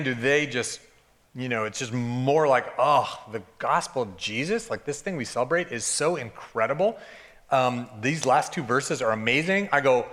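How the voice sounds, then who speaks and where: Joking, conversational pastor man, higher voice. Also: a bit bright. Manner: informal, joking, conversational teaching to a congregation. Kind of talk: sermon. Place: church service before a congregation.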